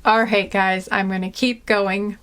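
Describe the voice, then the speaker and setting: A woman's voice: medium pitch, fairly even intonation, fairly bright tone, clean tone. A woman doing a pick-a-card reading, chatting casually and giggling now and then while she is tired with a sore back. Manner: slow, meandering, giggly, talks to viewers as guys. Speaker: tarot reader.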